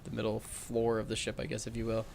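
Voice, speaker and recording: A man's voice: fairly low pitch, monotone, fast talker, creaky, a little mellow, a little hiss or hum. A man playing a mystery video game and thinking aloud, unsure and musing as he goes. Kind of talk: let's play commentary.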